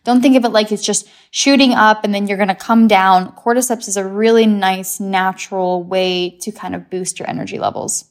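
A woman's voice: medium pitch, steady tone, moderate pace, few pauses. An English-born woman, a guest expert, explaining things in an upbeat, chatty way with simple memory tricks. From England. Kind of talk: casual chat.

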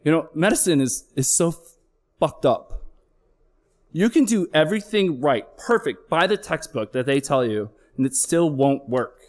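A middle-aged man, a flight paramedic, telling a true personal story on stage, candid and emotional, swearing now and then and slowing down for emphasis. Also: a little high, animated.

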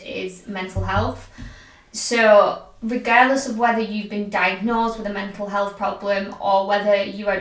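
A woman's voice: mid-range voice, a bit bright. A woman co-hosting a podcast, a former teacher, chatting casually and playfully and laughing often. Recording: echoey room, a bit far from the mic.

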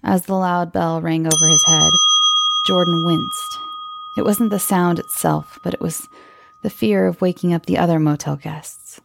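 A woman reading a horror story aloud in measured scripted narration, sometimes sinking to a whisper for suspense. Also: fairly low pitch, fairly even intonation, gravelly, heavy background noise. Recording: music bed under the voice.

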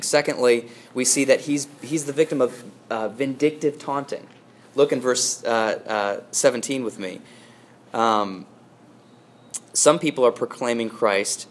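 Male priest, sermon delivery, mid voice, emphatic with fillers; faint room noise. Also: mid-range voice. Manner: earnest, emphatic preaching with frequent fillers and restarts.

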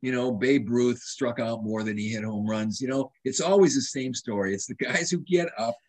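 Husky older man telling stories. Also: medium pitch, normal speed. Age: 70s. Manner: animated storyteller, restarts and quotes himself. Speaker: guest doctor. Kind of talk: casual interview conversation.

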